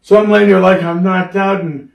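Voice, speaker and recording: An older man, a former pro wrestler, telling lively stories in an interview and acting out the people in them. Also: sits high, moderate pace, creaky, distant mic. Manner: animated, acts out the people in his stories. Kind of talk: lively anecdotal storytelling. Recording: roomy echo, speaker off-mic.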